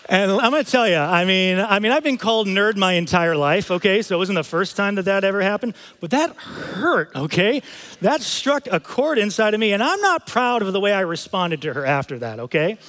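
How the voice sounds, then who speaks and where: A male pastor delivers a sermon in a fairly high voice, moving between scripture reading and casual, emphatic storytelling. His voice carries a long reverb from a church auditorium. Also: lively intonation, fairly quick, a bit bright. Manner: conversational storytelling, emphatic asides. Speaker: campus pastor.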